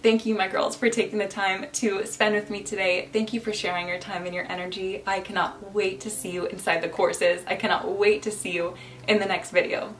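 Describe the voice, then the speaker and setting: A woman's voice: mid-range voice, level tone, fairly quick, far from the mic, slight background noise. A young woman, a lifestyle coach, talking straight to her viewers in a heartfelt vlog, teary and encouraging as she thanks them. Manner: emotional, encouraging, speaks to viewers as sisters. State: teary, emotional. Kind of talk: heartfelt direct-to-camera vlog.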